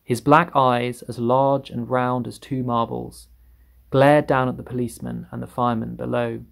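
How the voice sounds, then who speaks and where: A man narrating a children's story aloud, expressive and lingering on words for effect. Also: medium pitch, gravelly. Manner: lively, expressive read with drawn-out emphasis.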